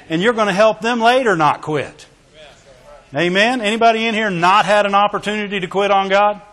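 High-voiced preacher in an echoing hall. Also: male voice, a bit bright. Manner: emphatic, with call-and-response exclamations. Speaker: pastor. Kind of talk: sermon. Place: church sanctuary with a congregation. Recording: long hall reverb.

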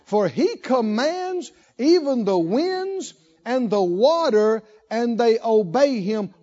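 Male preacher, high lively voice, unhurried delivery, rhetorical questions, muffled recording. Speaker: pastor. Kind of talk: sermon.

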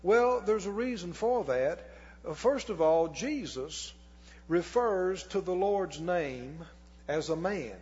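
A man preaching a sermon as pastor, reading scripture slowly and putting questions to the congregation that he answers himself. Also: high-pitched, lively intonation, darkish tone, husky. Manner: reads scripture slowly and deliberately. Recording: long hall reverb, dull lo-fi sound.

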